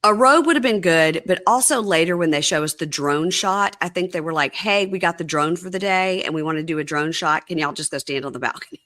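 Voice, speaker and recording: Lower-voiced woman recapping a reality show. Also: brisk. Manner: animated retelling, acting out lines from the show. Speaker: podcast host. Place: her sister's house, dim room.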